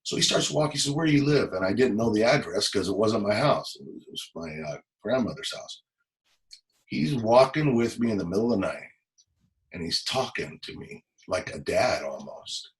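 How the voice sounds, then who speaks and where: Brief: middle-aged ex-cop from Los Angeles, lowish voice, emotional, stumbling storytelling. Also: male voice, very animated, rough recording. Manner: halting, repeats words, emotional. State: close to tears. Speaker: former police officer. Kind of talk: personal storytelling in an interview.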